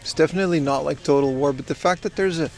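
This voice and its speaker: A man's voice: fairly high pitch, fast talker. A man hosting a casual livestream while he browses a retro game shop and chats with viewers. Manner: chatty, browsing and reading chat aloud. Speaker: livestream host. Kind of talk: casual IRL livestream chat.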